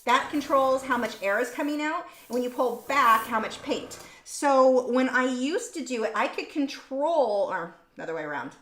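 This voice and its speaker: A woman chats casually while hosting a painting livestream from her home studio. Her voice sits a little high and rings in a roomy space. She rambles and corrects herself mid-sentence. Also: animated, moderate pace, few pauses, a bit bright. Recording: roomy room sound.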